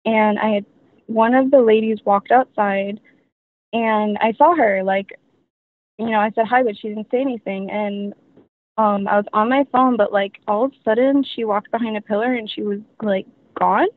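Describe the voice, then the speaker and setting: A woman's voice: medium pitch, fairly even intonation, normal speed. A young woman telling her story as a guest, rambling with many fillers. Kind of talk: casual storytelling. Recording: tinny dry phone line.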